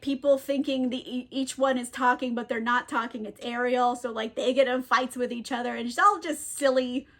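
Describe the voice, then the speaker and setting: A woman's voice: sits high, fairly bright tone. A tipsy woman casually retelling a story, giggling often, swearing, and saying "like" a lot. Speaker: book video creator.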